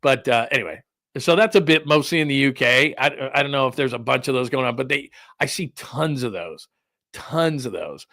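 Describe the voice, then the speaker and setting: A middle-aged man hosting a sports talk show rambles casually through a story and laughs as he goes. His voice sits in a middle pitch, and the recording sounds dry and close. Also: expressive, moderate pace, fairly bright tone, no room sound. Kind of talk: casual chat.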